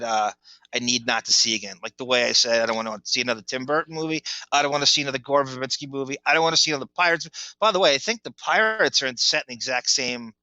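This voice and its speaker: A man's voice: medium pitch, sharp tone, no echo, dull audio. A man co-hosting a podcast in casual chat. He gives blunt opinions and often restarts his sentences. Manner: blunt, opinionated, repeats words when starting sentences. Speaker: podcast co-host.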